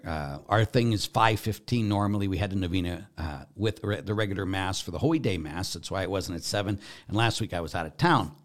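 A man who is a Catholic priest, answering a viewer's question in an emphatic, preachy way and repeating his key points. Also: mid-range voice.

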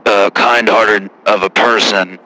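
A man's voice: fairly low pitch, steady tone, slow pace, pushed and bright, poor audio. A man voicing a nervous jewelry shop owner on a call-in comedy bit, stammering and mumbling. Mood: hesitant. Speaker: caller.

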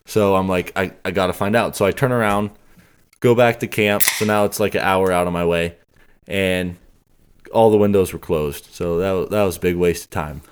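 A man with a fairly low voice tells a long story in casual podcast chat. He rambles along and acts out each exchange he remembers, speaking into a podcast microphone. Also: fairly even intonation, normal speed, slight background noise. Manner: rambling, acts out quoted dialogue.

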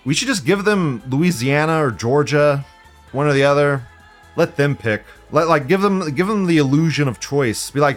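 A man rants on a live stream in a fairly high voice, profane and sardonic, and he laughs often. Faint music plays behind him. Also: expressive, moderate pace. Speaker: live-stream host reading viewer comments. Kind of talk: casual live-stream rant.

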